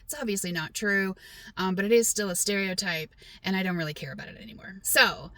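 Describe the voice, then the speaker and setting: Speaking briskly in a sharp, mid-range voice, a middle-aged vlogger from Texas talks casually to camera with self-deprecating humor. She sounds mostly neutral American, though a light Southern Texas twang shows up now and then.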